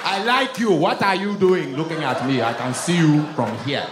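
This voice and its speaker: A man's voice: a little high, very noisy, close to an everyday voice. A man voicing a boastful Nigerian cab driver who insists he is a prince, with a put-on Nigerian accent. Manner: slow, insistent, grandly self-important. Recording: roomy club with loud crowd.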